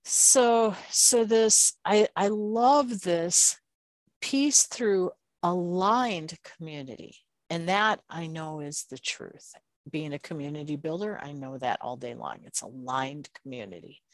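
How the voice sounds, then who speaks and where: A woman's voice: lowish voice, takes it slowly, no echo. A woman hosting a podcast interview, speaking with emphatic enthusiasm. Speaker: podcast host.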